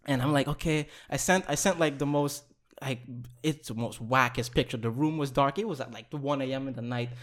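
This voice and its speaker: A young man casually telling a long story on a podcast, animated, swearing and laughing as he goes. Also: medium pitch, fairly quick.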